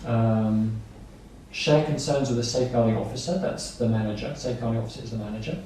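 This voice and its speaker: A man's voice: mid-range voice, brisk, warm tone, slight background noise. A man training nursery staff, explaining things simply and repeating points with everyday examples. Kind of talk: training lecture. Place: training room. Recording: echoey room from far off.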